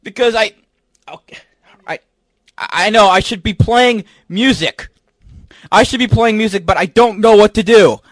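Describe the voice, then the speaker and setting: A man hosts a comedic radio show in a nervous, ranting manner that breaks into swearing and shouting. His voice sits very high. The sound is dry and close, with no room around it. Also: unhurried, long pauses, no room sound.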